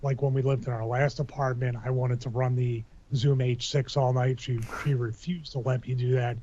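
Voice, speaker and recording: A man's voice: medium pitch, flat delivery, moderate pace, warm tone, slight background noise. A man chatting casually on a podcast, rambling and joking with many restarts. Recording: dull lo-fi sound.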